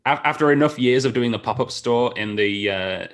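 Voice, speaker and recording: A man's voice: medium pitch, brisk. A man from the United Kingdom hosting a casual interview over a video call, laughing often and stammering as he talks. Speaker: podcast host.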